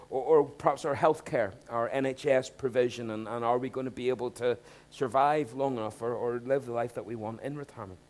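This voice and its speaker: Preacher, quiet then emphatic. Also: male voice, mid-range voice. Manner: conversational, asks the congregation rhetorical questions; frequent restarts, swings from quiet to emphatic. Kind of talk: sermon.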